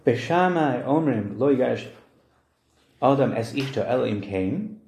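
A man giving a Talmud study lesson, explaining lively and acting out the quoted voices. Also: medium pitch. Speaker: Talmud teacher. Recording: roomy echo.

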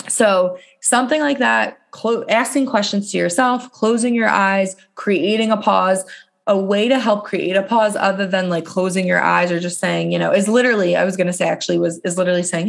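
A young woman co-hosting a podcast, talking casually and chattily with lots of "like" and animated asides. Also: medium pitch, brisk, vocal fry. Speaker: podcast co-host, dietitian.

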